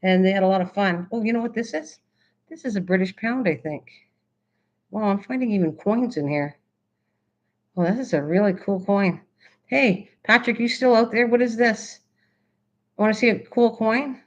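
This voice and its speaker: A woman hosting a casual craft livestream, chatting excitedly and answering her chat as she goes. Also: medium pitch, moderate pace, pauses often. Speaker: livestream host. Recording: slightly dull lo-fi stream audio.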